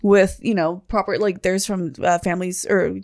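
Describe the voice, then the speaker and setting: A woman co-hosting a podcast, chatting casually and telling an animated story with acted-out quotes. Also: on the low side, normal speed, no room sound, clean studio sound. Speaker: podcast co-host. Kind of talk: casual chat.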